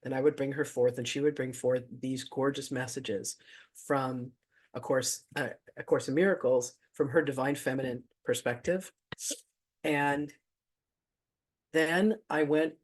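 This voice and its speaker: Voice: medium pitch, steady tone, a little slow. An effusive host of an online spiritual gathering tells a story in a loose, conversational way. The voice sits in a middle register. The host chuckles often and lets the odd swear word slip. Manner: effusive, gushing, cusses casually. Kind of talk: casual storytelling to an online audience.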